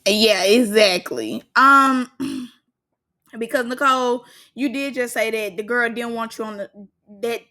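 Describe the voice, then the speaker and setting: A woman's voice: fairly high pitch, measured pace, pushed and bright. A young woman giving casual, opinionated reaction commentary on a reality show, with lots of filler words. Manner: chatty, opinionated, filler-heavy.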